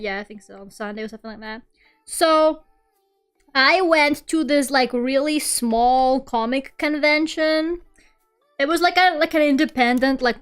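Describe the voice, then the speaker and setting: A woman's voice: on the high side, fairly bright tone, clean tone. A young woman streamer chatting casually while she draws, rambling through a story full of fillers and frequent laughs. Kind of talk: casual livestream chat while drawing.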